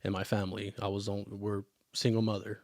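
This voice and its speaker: A young man hosting a podcast, telling his life story in an earnest, halting way that turns emotional. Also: fairly low pitch, flat delivery, dry recording, studio quality. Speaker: podcast host. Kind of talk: casual chat.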